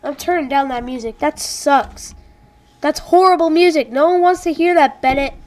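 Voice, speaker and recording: A woman's voice: sits high, moderate pace. A woman playing a frustrating game on camera, exclaiming and muttering at it. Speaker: let's play gamer.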